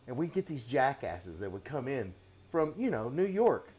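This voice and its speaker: A man's voice: medium pitch, sing-song, moderate pace, darkish tone. A middle-aged man hosting a casual workshop chat, telling long rambling stories and chuckling often. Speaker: host.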